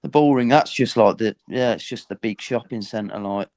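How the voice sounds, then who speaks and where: A man's voice: fairly low pitch, moderate pace, a little mellow, no echo. A man with a Birmingham accent, chatting casually and bluntly as a co-host. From Birmingham, England. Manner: blunt, self-deprecating, sweary. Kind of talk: casual chat.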